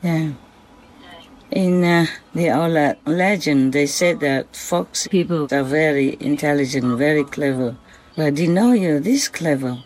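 A woman speaking tenderly and gently, repeating blessings and reassurances as she talks to an animal at night and later recounts it. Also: sits low, a little slow, slight background noise, rough recording. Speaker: spiritual vlogger.

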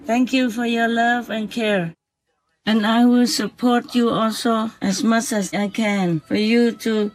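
Slow, gentle, soft-spoken speaker. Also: medium pitch, low-quality recording. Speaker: vlogger speaking to a visiting fox spirit. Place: outdoors at night by a forest.

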